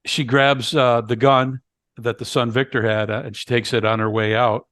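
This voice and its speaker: This podcast co-host, a man, retells a film's story piece by piece in a relaxed review chat, stumbling through fillers and false starts. He speaks at a normal speed in a mid-range, level, fairly bright voice, captured dry with clean studio quality.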